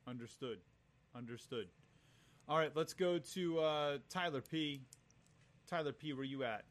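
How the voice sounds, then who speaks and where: A man's voice: fairly high pitch, unhurried. A man hosting a casual online panel show, giving short affirmations and calling on each guest in turn. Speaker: show host.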